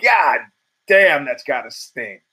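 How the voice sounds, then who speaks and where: A man's voice: on the high side, big pitch swings, slow, bright, forceful tone, slightly rough. A man hosting his own show, giving rambling, profane solo commentary full of restarts and fillers. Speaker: podcast host.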